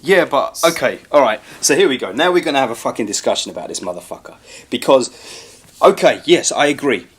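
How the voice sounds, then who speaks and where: A man's voice: medium pitch, expressive, a little fast, slightly rough. A swearing, ranting man reviewing films. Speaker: film review podcast host. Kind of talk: casual film review chat.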